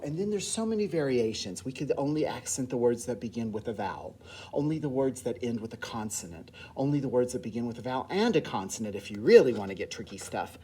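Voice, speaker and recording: A woman music teacher, enthusiastic and lively, explaining and leading a workshop. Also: a bass voice, recorded from a distance.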